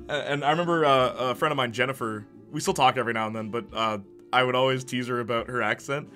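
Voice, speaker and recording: A man streaming casually, reading chat messages aloud and reacting with quick laughs. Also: medium pitch, pushed and bright, soft background music.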